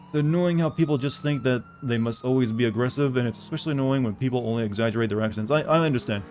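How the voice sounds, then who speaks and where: A man's voice: mid-range voice, quick pace, darkish tone, slight background noise. A man streaming a game, chatting casually and answering viewers' questions in a rambling, joking way. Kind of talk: casual gameplay commentary.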